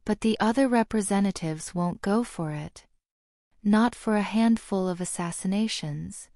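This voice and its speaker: A woman's voice: mid-range voice, unhurried, a little mellow, dry recording, close to an everyday voice. A woman voicing a stiff, sardonic male wizard ambassador with an Australian accent, talking curtly and dryly in an audiobook reading. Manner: curt and dry.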